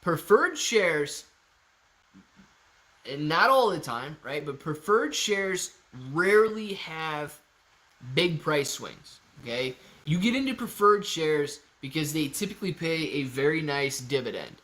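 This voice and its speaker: Upbeat, chatty man, a bit high. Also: animated, unhurried, bright, forceful tone. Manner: casual and upbeat, reads chat messages aloud and answers them. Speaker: livestream host answering viewer chat. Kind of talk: casual live stock-market commentary. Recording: home livestream setup.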